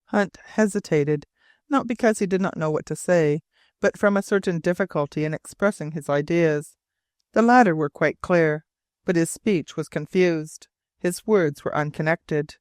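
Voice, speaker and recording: A man narrating a classic adventure novel in a measured, formal storytelling manner. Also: a little high, smooth, dry recording, clean studio sound. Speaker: audiobook narrator. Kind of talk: scripted narration.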